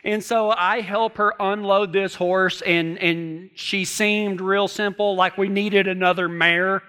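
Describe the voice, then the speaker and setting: A man's voice: sits high, steady tone, slow pace, bright, forceful tone, clean tone. A man telling a humorous story in a folksy, joking way, with rural turns of phrase.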